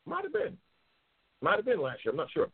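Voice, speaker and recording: A talk show host from New York City talks loud and passionate, swears heavily, and reads out viewer comments on a live show. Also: male voice, sits high, wildly swooping pitch, brisk, gravelly, husky. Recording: tinny phone-like audio.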